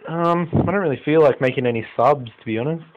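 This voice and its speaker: A young man with an Australian accent giving live commentary on a football management game, swinging from low muttering to loud exclamations and swearing. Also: fast talker, dull audio. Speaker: gaming YouTuber.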